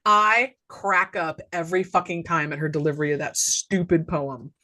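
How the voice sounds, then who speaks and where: A woman's voice: on the low side, steady tone, moderate pace, pushed and bright. A young adult woman co-hosting a podcast, recapping a movie in casual chat, laughing often and swearing freely. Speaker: podcast co-host.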